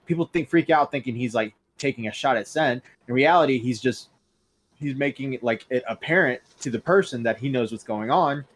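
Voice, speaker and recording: A man's voice: medium pitch, fairly quick. A man co-hosting a podcast, rambling through a recap of online drama with lots of fillers and cursing. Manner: rambling, profane, restarts and fillers. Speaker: co-host.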